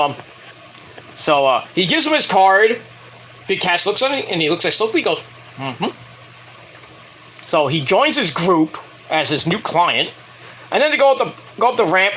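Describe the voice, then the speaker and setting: A man casually recaps a wrestling show, rambling, animated and profane, acting out the wrestlers' lines in mock voices. His voice sits high at a normal speed, with a little hiss or hum on the recording.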